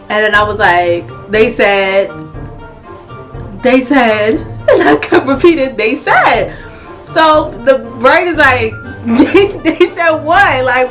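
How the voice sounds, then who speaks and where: A young adult woman telling a casual story-time vlog, animated and laughing a lot as she talks. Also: mid-range voice. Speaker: vlogger.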